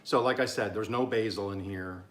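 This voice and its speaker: A man's voice: on the low side, moderate pace, a bit bright. A man from Oklahoma chatting his way through a casual cooking vlog, rambling and amused at himself. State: talking with mouth full at times. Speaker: cooking vlogger.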